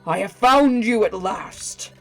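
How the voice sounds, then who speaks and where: A woman's voice: fairly high pitch, expressive, slow pace, fairly bright tone, faint music behind, full character voice. A woman voicing an arrogant legendary male space dragon who speaks in grandiose threats. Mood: menacing.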